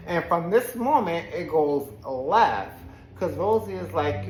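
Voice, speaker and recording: A woman's voice: sits low, slow, roomy sound, a little hiss or hum, low-quality recording. A woman giving a casual, sassy recap of a reality TV episode with her own commentary, laughing often as she tells it. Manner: sassy, expressive storyteller who laughs often.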